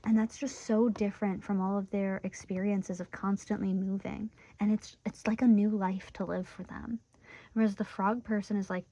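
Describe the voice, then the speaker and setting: A woman in her twenties, a tarot reader, chatting casually and excitably straight to her viewers with frequent laughs. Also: mid-range voice, moderate pace, no echo, dull audio. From Michigan, USA. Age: 20s. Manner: chatty, giggly, excitable, talks to the viewer directly. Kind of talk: casual tarot reading monologue.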